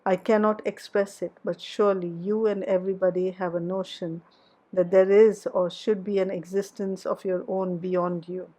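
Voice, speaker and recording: A woman's voice: medium pitch, level tone, moderate pace, warm tone, natural voice, poor audio. A woman voicing a passionate, headstrong young woman in love, in an audiobook reading of a classic novel. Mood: earnest.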